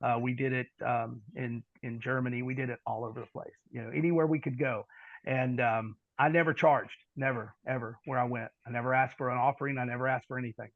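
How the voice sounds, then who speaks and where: A man telling stories as a podcast guest, animated in his storytelling. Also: mid-range voice, fairly quick, no echo. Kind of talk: storytelling interview talk. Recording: dull lo-fi dry sound.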